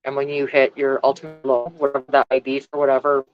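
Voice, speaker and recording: A woman's voice: very deep voice, monotone, quick pace, muffled recording, faint music behind. A middle-aged woman vlogger chatting casually on a live stream, blunt and rambling, swearing freely.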